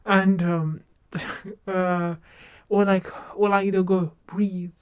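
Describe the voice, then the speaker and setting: Young woman, streamer, casual chat, fast talker, rambling, many fillers, dry sound. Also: medium pitch, flat delivery, darkish tone, clear, resonant tone, dry recording. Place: home streaming setup.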